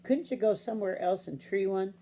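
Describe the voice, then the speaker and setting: A woman voicing a gentle, calm farmer father in a storybook reading, speaking slowly and softly. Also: medium pitch, a little hiss or hum, natural voice. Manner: slow, calm and soft.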